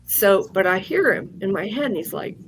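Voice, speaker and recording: A woman speaks as a guest in an interview, sharing a personal story in a candid, meandering way and often stopping to restart her sentences. Her voice sits at an ordinary middle pitch. A faint hiss of noise stays behind her. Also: expressive, moderate pace, poor audio. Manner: candid, rambling, with fillers and restarts. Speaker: guest psychic medium.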